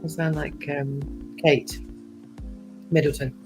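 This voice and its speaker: A woman with a posh English accent talks in a low, unhurried voice, chatty and quick to laugh, with plenty of little fillers. Faint music plays behind her. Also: level tone, low-quality recording. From United Kingdom. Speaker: guest on a livestream chat. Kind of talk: casual chat.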